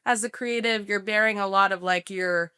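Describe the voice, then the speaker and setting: A woman's voice: medium pitch, fairly even intonation, moderate pace, pushed and bright, smooth, no echo, clean studio sound. A woman guest on a podcast, talking casually and chattily about her design work, with lots of "like" fillers.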